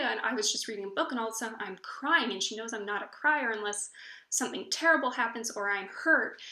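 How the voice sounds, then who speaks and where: A woman's voice: fairly high pitch, fairly quick, pushed and bright. A woman book blogger chatting casually to camera, telling stories in a gushing way and often stumbling and restarting her sentences. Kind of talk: casual vlog chat. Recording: echoey room.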